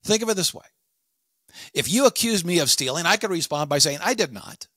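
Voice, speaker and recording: A man's voice: on the high side, expressive, brisk, pushed and bright, no echo. Emphatic man teaching, dry close sound. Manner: emphatic, addresses listeners directly. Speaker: podcast host. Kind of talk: scripted teaching monologue.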